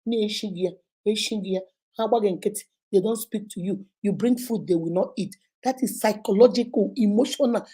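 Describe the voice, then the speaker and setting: Emphatic Nigerian woman hosting a motivational advice talk, mellow tone. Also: mid-range voice, normal speed, few pauses, husky. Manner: emphatic and repetitive, preacher-like. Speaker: relationship advice host.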